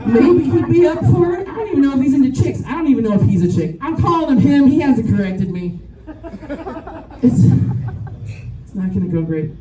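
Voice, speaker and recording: A woman's voice: high-pitched, very animated, fairly quick, muffled recording. A middle-aged woman performing a brash, profane stand-up comedy set with crowd work. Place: rooftop bar show with a live audience. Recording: echoey, distant mic, crowd noise.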